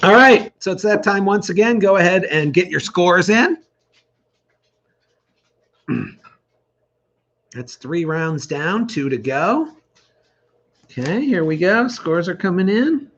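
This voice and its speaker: A man's voice: high-pitched, expressive, slow, pauses often, fairly bright tone, lo-fi sound, slight background noise. A middle-aged man hosting an online trivia night, reading questions and answers with dry teasing humor. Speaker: trivia host. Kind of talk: reading quiz questions and answers, joking banter.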